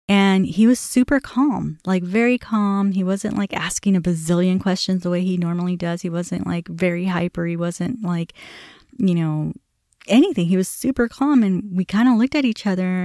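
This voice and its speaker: A middle-aged woman with a fairly low voice tells a personal story on her podcast, candid and conversational. She slips into remembered back-and-forth dialogue as she goes. The sound is dry and close, with no room behind it. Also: mellow, no echo. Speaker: podcast host.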